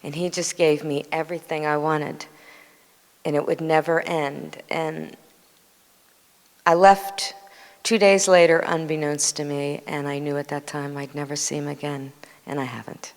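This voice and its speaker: A woman in her sixties with a low voice tells an animated personal story, slipping into other people's voices. The sound carries a long hall reverb. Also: a little slow. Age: 60s. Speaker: devotee sharing memories.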